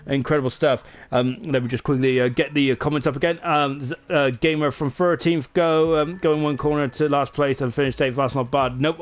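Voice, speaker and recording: A man doing live sim racing commentary, chatty and excitable, with lots of fillers and tag questions, who rises into shouts at the finish. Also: fairly high pitch. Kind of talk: live esports race commentary.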